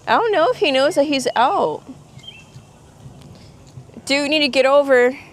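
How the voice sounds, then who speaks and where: A woman's voice: high-pitched, animated, unhurried. A woman casually vlogging outdoors on her phone, laughing often and gushing over animals, out of breath from walking. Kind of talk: casual vlog chat. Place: outdoors near a lake. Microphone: phone held while walking.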